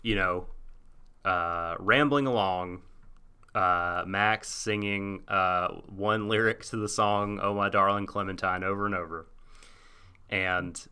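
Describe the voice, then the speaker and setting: A man's voice: low voice, takes it slowly, bright, forceful tone, clear, resonant tone. A man co-hosting an anime podcast, talking casually and hesitantly. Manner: hesitant, many fillers and restarts. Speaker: podcast co-host.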